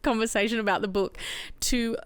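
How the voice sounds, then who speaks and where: Animated young woman telling a story. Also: fairly high pitch, a little fast, smooth, no room sound. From Australia. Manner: animated, laughs often, acts out quotes loudly. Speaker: book club podcast co-host. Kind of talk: casual chat, storytelling.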